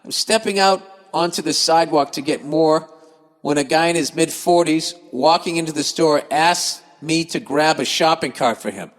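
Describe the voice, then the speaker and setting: A man's voice: fairly high pitch, moderate pace, long reverb tail. A man hosting a podcast, reading listener emails aloud and ranting about them in a profane, exasperated, sarcastic way. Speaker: podcast host.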